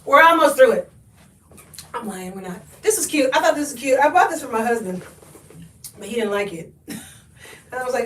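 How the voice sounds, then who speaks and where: A chatty, high-voiced woman shows off her thrift finds to viewers on a live stream. She is sniffly from allergies. The sound is echoey, with the mic set back from her in the room. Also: fairly quick, pauses often, distant mic, slight background noise. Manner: chatty and expressive, talks to viewers, laughs often. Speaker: thrift haul host. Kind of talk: live-stream haul chat.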